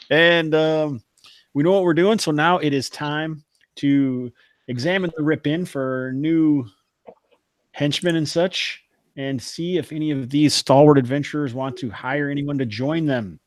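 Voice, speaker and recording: A man's voice: a little high, a little slow, dry recording. Upbeat man hosting a tabletop game. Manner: upbeat, laughs often, uses fillers. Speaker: game master and host.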